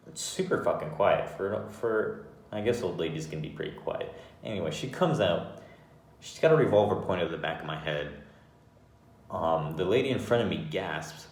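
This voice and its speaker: A man telling a personal story in a casual, animated way, swearing often and restarting his sentences. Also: low-pitched. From Arizona, United States. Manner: profane, animated, with frequent restarts. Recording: echoey room, faint background hiss.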